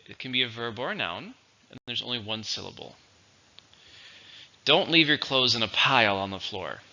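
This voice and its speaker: A man teaching English vocabulary in a slow, patient, explanatory way. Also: medium pitch, expressive, sharp tone. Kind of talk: vocabulary lesson. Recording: dull lo-fi recording.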